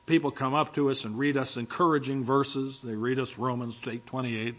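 A man's voice: medium pitch, fairly even intonation, moderate pace, a bit bright, dull audio. A man preaching a sermon in a conversational, storytelling way, with frequent fillers. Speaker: pastor.

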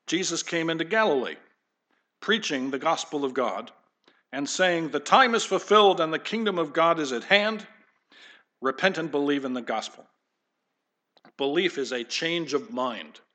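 A man's voice: a little high, fairly bright tone. Emphatic preaching man. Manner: emphatic preaching with rising, punchy declarations; conversational asides. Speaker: pastor. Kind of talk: sermon.

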